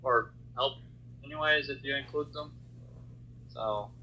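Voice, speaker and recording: A man's voice: mid-range voice, a little slow, pushed and bright, muffled recording, a little hiss or hum. A man acting as game master in a tabletop role-playing game, explaining rulings matter-of-factly.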